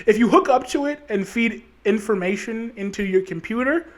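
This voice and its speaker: A man voicing a bossy young woman with magic powers in a brisk, offhand, scolding way. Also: high voice, lightly acted.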